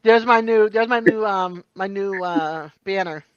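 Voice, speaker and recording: A woman's voice: mid-range voice, unhurried, clean tone, no room sound. A woman chatting as a guest on a live stream over a video call, rambling with lots of ums. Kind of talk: casual chat. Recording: dull lo-fi stream audio.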